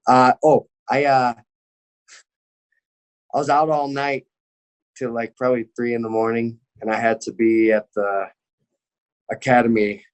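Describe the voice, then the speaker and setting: A man's voice: mid-range voice, level tone, a little slow, pauses often, clean tone. A young man, an MMA fighter, telling a story in casual chat, cursing constantly and acting out the people he quotes.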